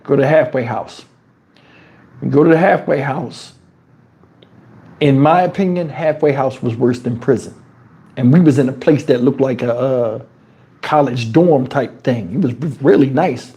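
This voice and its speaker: A man from New Jersey telling casual stories on his livestream in crude street slang, animated and jumping into high, shouted tones as he retells them. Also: unhurried, pauses often. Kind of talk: casual storytelling. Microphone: wireless lapel mic.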